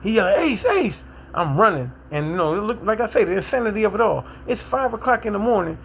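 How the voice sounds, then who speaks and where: A middle-aged man casually telling his own recovery story with a Milwaukee accent, animated and acting out what people said. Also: quick pace, gravelly, slight background noise. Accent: Milwaukee, African American Vernacular English. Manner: animated, acts out quotes, rises to excited high pitch in tense moments.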